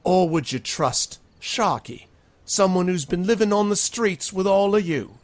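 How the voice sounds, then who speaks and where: A man's voice: high-pitched, lively intonation, unhurried, pitched above the performer's own voice. A man voicing a scheming male street criminal who whips up a crowd with speeches. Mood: rousing. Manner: rabble-rousing, speechifying.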